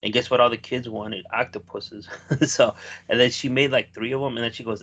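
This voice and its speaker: A man's voice: medium pitch, steady tone, fairly quick, fairly bright tone, highs cut off. A man co-hosting a podcast, telling a long rambling story in casual chat and swearing freely. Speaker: podcast co-host.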